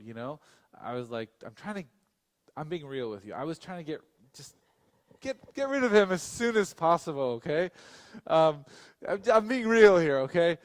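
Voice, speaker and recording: A man's voice: a little high, in a large hall. Chatty pastor man telling a story. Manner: casual, chatty, many fillers and restarts; speaks directly to the audience. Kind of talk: storytelling sermon.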